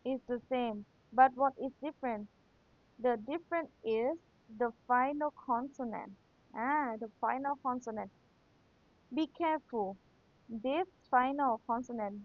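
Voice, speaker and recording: Slow, patient young woman teacher whose first language is Thai, reviewing for an exam on a tinny, phone-like recording. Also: a little high. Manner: patient, repeats key points, checks with rhetorical questions. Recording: tinny phone-like sound, dry.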